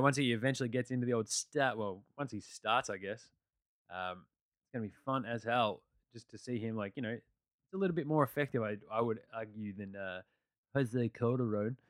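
A man's voice: medium pitch, no echo, studio quality. An Australian man hosting a casual basketball recap, blunt, joking and full of swearing. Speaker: basketball podcast host.

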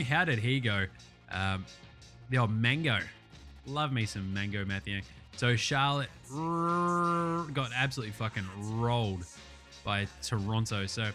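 A young Australian man runs through last night's basketball in a loose, joking podcast style, dropping swears and fillers as he goes. His voice is bright and forceful and sits a little high for a man. Faint music plays underneath. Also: expressive, normal speed. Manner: profane, jokey and enthusiastic, with many fillers. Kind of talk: casual sports recap podcast.

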